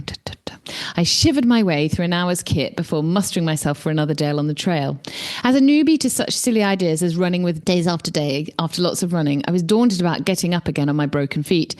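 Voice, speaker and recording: A woman co-hosting a podcast, reading a listener's letter aloud in an animated way and breaking into laughter now and then. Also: lowish voice. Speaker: podcast co-host.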